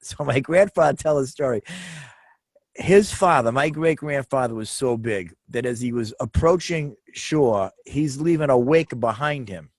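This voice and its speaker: A middle-aged man co-hosting a casual chat, telling family stories in an animated way and repeating words for emphasis. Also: medium pitch, unhurried, dry recording. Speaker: co-host.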